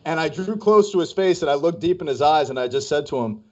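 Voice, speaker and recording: A man's voice: a little high, expressive, fast, darkish tone. A man casually telling a story on a podcast as a co-host, acting out the voices of people he quotes. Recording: dull lo-fi podcast audio.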